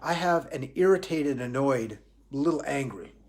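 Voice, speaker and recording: A man's voice: mid-range voice, animated, measured pace, a little mellow. A man giving a live spiritual talk on responsibility in a reflective way, often restarting phrases and asking himself questions aloud. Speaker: spiritual teacher.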